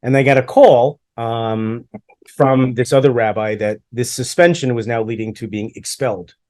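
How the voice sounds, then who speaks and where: A man's voice: mid-range voice, steady tone, normal speed, darkish tone. A middle-aged man co-hosting a podcast, telling stories from his school days in a joking, self-deprecating way and acting out the people he quotes. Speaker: podcast co-host. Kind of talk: casual storytelling chat.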